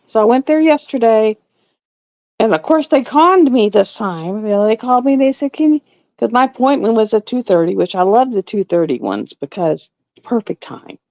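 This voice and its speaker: A woman chats casually on a live stream from her home with pets, rambling and repeating herself. Her voice is on the high side and a little mellow, recorded with no room sound and the highs cut off.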